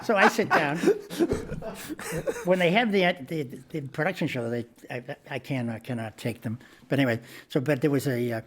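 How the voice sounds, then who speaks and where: A man's voice: mid-range voice, normal speed. An older man, a comedian guest, telling anecdotes in a podcast interview and acting out the people in them. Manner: animated anecdote teller who acts out voices.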